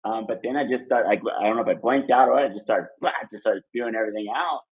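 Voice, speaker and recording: A man from Southern California telling an animated story as a guest in a casual interview, full of fillers and restarts. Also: lowish voice, fast, husky. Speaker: guest, trucking business owner. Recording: phone-like narrow band line.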